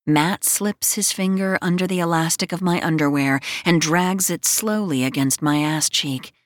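A woman's voice: fairly low pitch, moderate pace, dry recording. A woman narrating a first-person romance audiobook in a wry, self-mocking storytelling manner, close to the mic.

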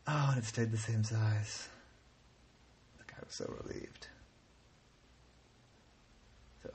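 A soft-spoken man, a parent telling a bedtime story at home, relaxed and unhurried. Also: medium pitch, slight background noise.

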